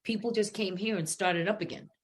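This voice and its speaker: A woman's voice: mid-range voice, brisk. A middle-aged woman from New England, a singer telling stories in a casual interview. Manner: animated storyteller, acts out quotes. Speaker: singer and guest.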